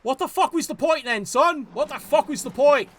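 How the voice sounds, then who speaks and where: Commentating live on a game, a man with a very high, bright voice scolds the players' decisions, swearing often and sounding exasperated. He's animated and speaks at a moderate pace.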